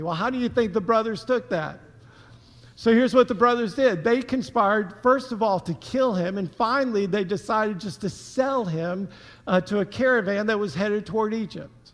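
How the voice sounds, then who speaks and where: A pastor delivers a sermon in a fairly high voice, telling the story in a loose, conversational way and dropping casual slang. His voice rings out with a long church reverb behind it. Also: normal speed. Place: church sanctuary.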